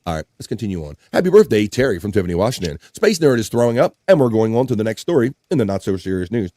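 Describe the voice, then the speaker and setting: With a fairly low pitch and a fast delivery, a man hosts a live stream show, reading out viewer comments. He jokes around and laughs often, and the studio sound is clean with no room sound.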